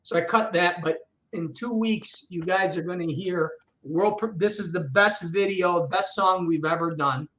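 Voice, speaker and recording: Give me an animated male comedian from the US in casual podcast chat. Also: high voice, moderate pace, hardly any pauses, low-quality recording. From United States. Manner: animated, acts out his father's voice. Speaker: guest comedian.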